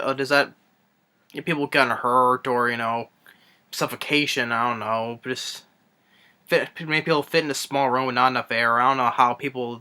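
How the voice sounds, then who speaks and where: Scornful and plainly exasperated, this movie reviewer delivers an off-the-cuff, ranting film review in a smooth, medium-pitched voice that is bright and sharp-edged. His speech wanders, with frequent stops, restarts, and fillers like "I mean" and "you know."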